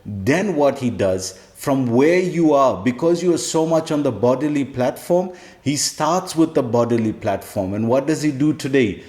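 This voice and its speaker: A man's voice: mid-range voice, animated, moderate pace, hardly any pauses, darkish tone. A man giving a sermon to devotees, emphatic and repeating key phrases. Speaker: spiritual teacher. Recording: roomy echo.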